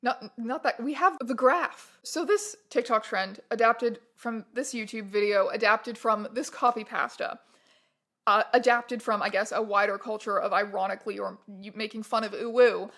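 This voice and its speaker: A woman hosting a casual internet-culture commentary vlog, talking in an animated, emphatic and playful way. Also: mid-range voice, moderate pace. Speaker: YouTube host.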